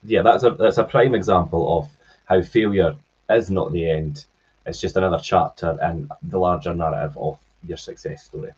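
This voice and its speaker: A man's voice: sits low, moderate pace, a little mellow, slightly rough. A man co-hosting a business podcast in casual chat, agreeable and reflective. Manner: agreeable, reflective, brief backchannels. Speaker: podcast co-host. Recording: dull lo-fi podcast audio.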